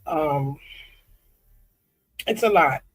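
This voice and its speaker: In a personal vlog, a man speaks candidly, earnest and confiding, often halting with ums and restarts as he reads comments aloud. His voice is a little high with lively intonation, and the audio quality is poor.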